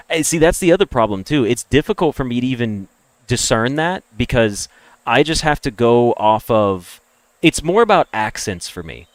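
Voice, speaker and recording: Streamer, man, General American accent, mid-pitched, opinionated and blunt, dry, close mic. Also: no room sound. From American Deep South. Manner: blunt, opinionated, swears freely. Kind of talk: casual livestream rant.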